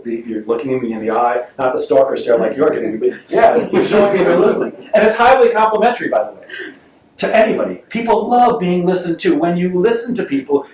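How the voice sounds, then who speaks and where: A man gives a lively, joking seminar talk, slipping into voices for his stories, and his voice sits a bit high for a man. He sounds as if he is picked up from across a roomy meeting room, with a faint hiss behind him. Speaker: sales trainer giving a talk. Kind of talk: live seminar talk to an audience. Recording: roomy, distant mic with faint noise.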